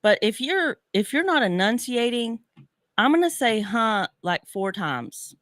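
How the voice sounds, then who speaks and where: A woman co-hosts a radio show, chatting and telling stories with frequent laughter. Her bright voice moves up and down a lot as she talks. The mic sound is close and dry, like a studio booth. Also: a little high, a little slow, no echo. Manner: lively, laughs often, chatty storyteller. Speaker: radio co-host. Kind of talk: casual on-air banter.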